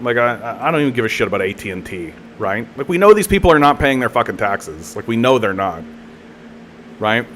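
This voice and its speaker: A man's voice: mid-range voice, very animated, fairly quick, fairly bright tone, slight background noise. A Canadian man ranting heatedly on a live political stream, swearing a lot, mocking and repeating himself. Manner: profane, heated, mocking, lots of filler and repeats.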